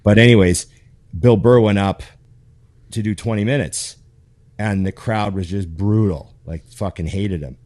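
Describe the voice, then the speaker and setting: A man's voice: on the low side, unhurried, no echo. A man hosting a casual podcast, telling stories with lots of swearing and animation. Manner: animated storyteller, swears freely. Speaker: podcast host.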